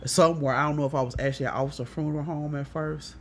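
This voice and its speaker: Animated, profane woman telling a story. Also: low-pitched, racing, slight background noise. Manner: animated, profane, rambling, acting out others' lines. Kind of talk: casual storytelling monologue.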